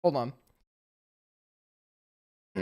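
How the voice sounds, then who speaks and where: A man hosting a live stream, telling jokes to his chat with slow, deadpan buildups and asking whether they landed. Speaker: streamer host. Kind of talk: casual stream joke-telling.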